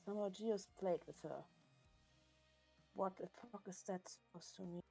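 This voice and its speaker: A woman's voice: mid-range voice, measured pace, gravelly, dark tone, breathy edge, soft background music. A woman playing in character at a tabletop game, talking bluntly and urgently with frequent swearing. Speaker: player.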